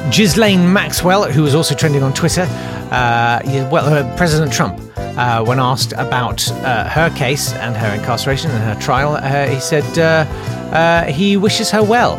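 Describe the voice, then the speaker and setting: A man's voice: mid-range voice, expressive, normal speed, over music. Sarcastic man doing satirical comedy. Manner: sarcastic, mock-indignant, bursts into shouting riffs. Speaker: comedian host.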